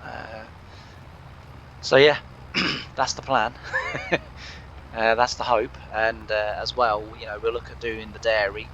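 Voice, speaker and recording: English guy w a sore throat rambling thru his farm game, croaky but bright, uhs everywhere. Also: fairly low pitch, little pitch movement, slow, long pauses, lo-fi sound, slight background noise. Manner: rambling, many fillers and restarts. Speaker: gaming channel host. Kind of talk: casual let's play commentary.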